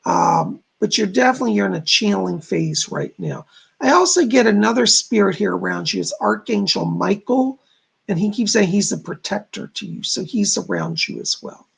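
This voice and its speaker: Gravelly male psychic medium. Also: sits high, wildly swooping pitch, moderate pace, a bit bright. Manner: reads viewer comments aloud and relays spirit messages; informal, repeats "I gotta tell you". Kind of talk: live-stream psychic readings.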